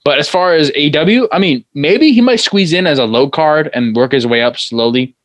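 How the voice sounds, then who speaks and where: A man's voice: a little high, moderate pace, a little hiss or hum. A man co-hosting a casual wrestling podcast, recapping matches play-by-play. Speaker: podcast co-host. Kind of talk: casual chat.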